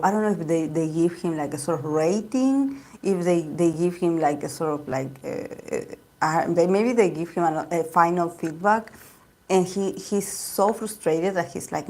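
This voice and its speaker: A woman's voice: lowish voice, unhurried, a little mellow. A woman giving a casual tarot reading, rambling and repeating herself with lots of fillers. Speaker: tarot reader.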